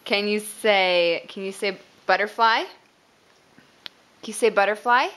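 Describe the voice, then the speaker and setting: A woman's voice: mid-range voice, a bit bright. A woman at home patiently asking her toddler for animal sounds and signs, praising each try and laughing often. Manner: slow, encouraging, praising with frequent laughs. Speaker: parent.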